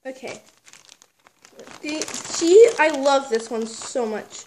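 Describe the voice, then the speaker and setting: A woman talks through a toy unboxing in a high voice that leaps all over the place. She gushes and squeals, then falls to near-whispers between bursts. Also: animated, very slow, pauses often. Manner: gushing, squealing, swinging between shouts and hushed whispers. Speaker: toy collector vlogger. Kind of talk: excited unboxing chat.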